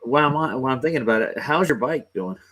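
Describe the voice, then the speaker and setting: A man's voice: mid-range voice, animated, fast talker, a bit bright, low-quality recording. A man hosting a casual chat, laid-back, giving short replies and steering the talk.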